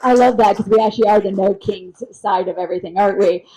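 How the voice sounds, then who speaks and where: Female moderator, middle pitch, earnest and emphatic. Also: quick pace, dark tone, rough recording. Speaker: panel moderator. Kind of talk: moderating a panel.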